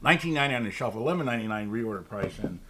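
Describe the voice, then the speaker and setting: A man's voice: lowish voice, animated, very fast. A man co-hosting a wine tasting, talking in an enthusiastic, jokey, casual way. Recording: noisy background.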